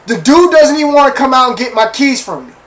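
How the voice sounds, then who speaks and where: A man with a very high voice talks fast, far from the mic, on a rough recording. Hosting his own show, he rants casually about something from his life, swearing heavily, repeating phrases, and constantly checking whether listeners follow and agree. His delivery is animated and profane.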